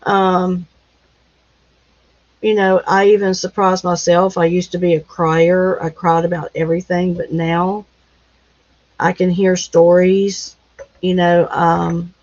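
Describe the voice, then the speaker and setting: A woman minister hosting a casual live chat. She answers viewer comments in a gentle, consoling way, with many pauses and fillers. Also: fairly low pitch, level tone. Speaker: minister and live-stream host. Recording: dull lo-fi sound.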